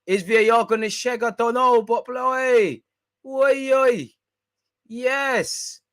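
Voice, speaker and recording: A man hosting a live football watch-along, reacting excitably and chatting with viewers in slang. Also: very high-pitched, takes it slowly, no room sound.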